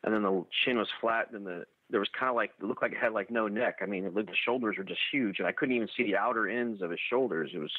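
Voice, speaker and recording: Lowish man on a tinny phone line. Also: no echo. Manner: halting, many restarts and fillers. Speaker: eyewitness telling an encounter. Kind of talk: first-person storytelling. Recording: tinny dry phone-like radio audio.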